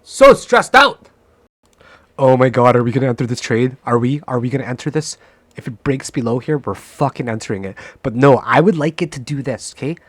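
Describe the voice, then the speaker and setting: A man giving live commentary on his own trades, excitable and profane, cocky and joking, often shouting and pleading at the price chart. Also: medium pitch, quick pace, no echo, clean studio sound.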